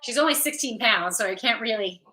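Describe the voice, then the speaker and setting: Bright-voiced upbeat woman from Ontario. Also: a little high, animated, a little fast. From Ontario, Canada. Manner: upbeat and chatty, greets viewers by name. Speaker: yoga teacher and intuitive reader. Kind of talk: casual livestream chat.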